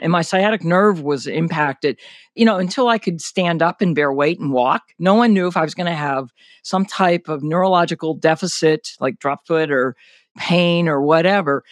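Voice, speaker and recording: High-voiced older man, candid storyteller. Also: no echo, clean studio sound. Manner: detailed and candid, many fillers like "you know" and "like". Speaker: guest, senior athlete recounting an injury. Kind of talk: conversational interview.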